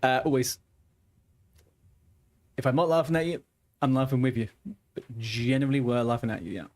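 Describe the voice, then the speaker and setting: Joking streamer chatting with viewers. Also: male voice, medium pitch, moderate pace, darkish tone. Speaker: game streamer. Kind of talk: casual chat while gaming.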